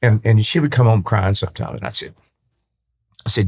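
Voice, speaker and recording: A low-pitched, slightly rough voice belongs to an older country singer from East Texas telling stories on a casual podcast. He speaks briskly yet with long pauses, animatedly acting out quoted lines and often starting over.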